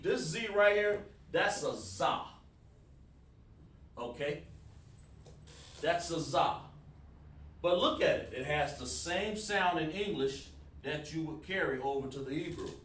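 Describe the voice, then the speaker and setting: Speaking slowly with frequent pauses, this South Carolina man has a fairly high, slightly bright voice. He teaches an online Hebrew lesson casually, repeating himself and addressing students by name; the mic sits far off in a room with echo.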